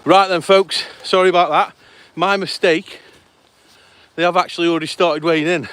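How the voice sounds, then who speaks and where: A man, out of breath, hosting a live outdoor event by a lake. His voice sits a little high and he talks in a chatty, breathless rush. The sound is a rough outdoor camera mic. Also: steady tone, normal speed, fairly bright tone. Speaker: host. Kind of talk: live on-the-move commentary.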